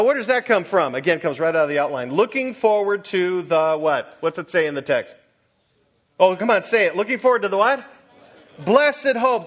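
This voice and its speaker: A middle-aged male pastor preaching a sermon, asking his congregation questions and moving between loud urging and quiet personal stories. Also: high-pitched.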